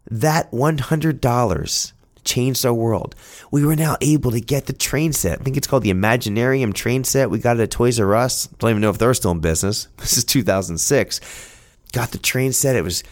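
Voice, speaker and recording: A man telling a personal story in an earnest, heartfelt, conversational way. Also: medium pitch.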